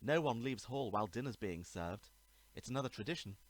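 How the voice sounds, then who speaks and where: A man's voice: mid-range voice, expressive, no echo, lightly acted. A man doing a chummy, posh young law student. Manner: brisk, chummy, slightly patronising. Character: friendly upper-class young male law student.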